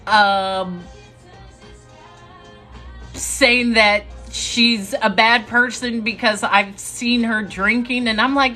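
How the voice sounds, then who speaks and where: Young woman, lively casual storyteller, higher voice, light music underneath. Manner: chatty, animated, breaks into laughs. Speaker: storyteller on a live stream. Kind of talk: casual storytelling to a live audience.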